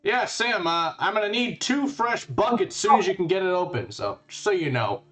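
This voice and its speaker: Man doing a higher-pitched villager, casual, brisk, tabletop game. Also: lively intonation, fairly bright tone. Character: plain-spoken male villager customer.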